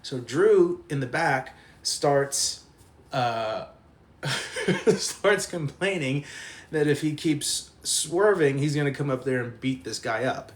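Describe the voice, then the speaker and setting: A young man telling a long college story to a live stream chat, animated and profane, laughing as he goes. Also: mid-range voice, takes it slowly.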